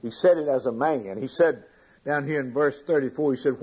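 Man, preacher, husky voice, sermon, reads scripture and asks the congregation questions. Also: mid-range voice, moderate pace, warm tone, muffled recording.

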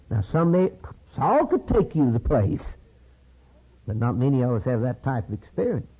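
Husky-voiced man preaching a fervent sermon. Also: sing-song, normal speed, pauses often. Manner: repetitive preaching cadence, swinging between low murmurs and high cries. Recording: dull lo-fi sermon recording.

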